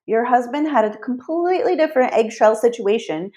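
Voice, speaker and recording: A woman's voice: fairly high pitch, expressive, brisk, mellow. A woman money mindset coach, a podcast guest, who explains her ideas earnestly and often says "like". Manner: earnest explaining, many "like" fillers.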